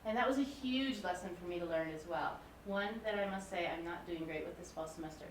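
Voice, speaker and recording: A woman's voice: fairly low pitch, a little fast, a little hiss or hum. Woman, forties, professor, public lecture, candid storytelling, distant mic, roomy hall. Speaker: music professor.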